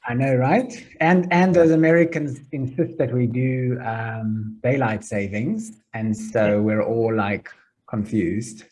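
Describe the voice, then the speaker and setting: A man's voice: mid-range voice, slow pace, darkish tone, poor audio. A man joining a casual chat as a guest, polished and self-deprecating.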